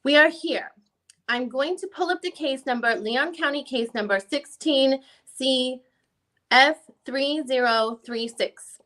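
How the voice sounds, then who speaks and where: A female defense lawyer with a put-on Jamaican accent, as a woman reads her part, working through her questions formally and methodically. Her voice sits fairly high. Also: takes it slowly, a bit bright. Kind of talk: amateur dramatic reading.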